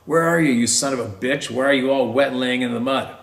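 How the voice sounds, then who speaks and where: A short-tempered, abusive grown man barks his orders in a harsh, raised voice, as a male narrator puts him on. The voice sits fairly low and rings in an echoey room. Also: fairly even intonation, normal speed, a bit bright, far from the mic. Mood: angry yelling. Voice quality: harsh, barking.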